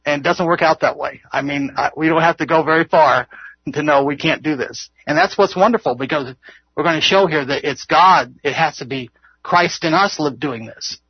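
A man leads an informal Bible study, earnest and rambling, chuckling at his own failings as he talks. His voice is somewhat husky and sits a little high. The recording is dry and slightly dull. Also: moderate pace, dry recording. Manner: earnest, rambling, laughs often. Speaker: Bible teacher.

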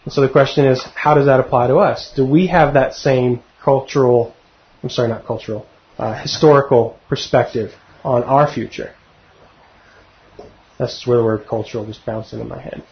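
A man's voice: mid-range voice, steady tone, moderate pace. A middle-aged man teaching verse by verse through a Bible passage, conversational and often putting questions to his listeners. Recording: dull lo-fi recording.

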